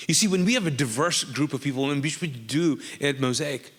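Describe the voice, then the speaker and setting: A man's voice: a little high, a little fast, breathy edge, in a large hall. A man from Kuwait, a pastor preaching a sermon in a casual, joking style that often asks the congregation questions.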